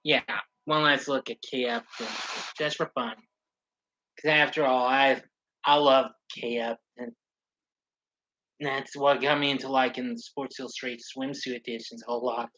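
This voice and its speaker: A man chatting casually on a live stream, rambling along with halting restarts and fillers. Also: medium pitch, steady tone, bright, forceful tone, low-quality recording.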